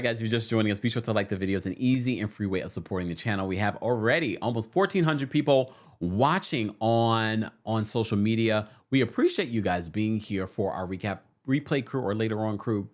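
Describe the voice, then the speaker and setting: A man's voice: lowish voice, lively intonation, brisk. A man hosting a casual live-stream recap from New York City, chatting and reading viewer comments aloud with frequent laughs.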